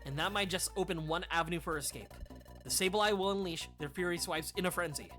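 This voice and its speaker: A woman voicing a cool-headed male lizard fugitive who gives low, clipped orders in a fan dub of a game. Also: brisk, fairly bright tone, soft background music, natural voice. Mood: urgent hush.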